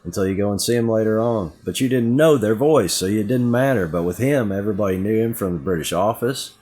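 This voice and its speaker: Husky low-voiced Southern man. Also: fast talker. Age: middle-aged. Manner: rambling, lively storytelling with many asides. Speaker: podcast co-host. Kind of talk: casual chat.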